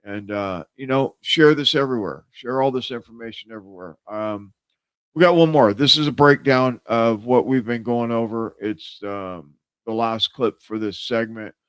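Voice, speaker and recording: Male stream host, smooth voice in a dry room, rambling and casual. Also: medium pitch, moderate pace, a bit bright, no room sound. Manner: rambling, many fillers and self-corrections. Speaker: host of a live show. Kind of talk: casual live-stream chat.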